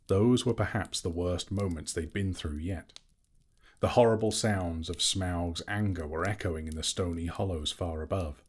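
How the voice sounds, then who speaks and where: A man narrating a fantasy story aloud in a slow, measured, dramatic reading. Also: sits low, slightly rough. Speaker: audiobook narrator.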